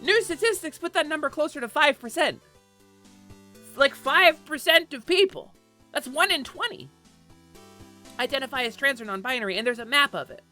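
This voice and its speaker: A woman's voice: high-pitched, expressive, moderate pace, long pauses, pushed and bright, soft background music. A woman streamer chatting casually and animatedly on a live stream, swearing offhand and laughing often. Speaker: Twitch streamer.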